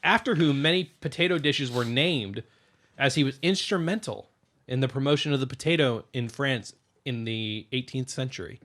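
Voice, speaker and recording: A man with a bright, forceful voice chats casually on a podcast. He reads out food trivia, tripping now and then on words. His pitch sits in an ordinary middle range. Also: moderate pace. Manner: reads out trivia with small stumbles. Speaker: podcast co-host. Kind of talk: casual chat.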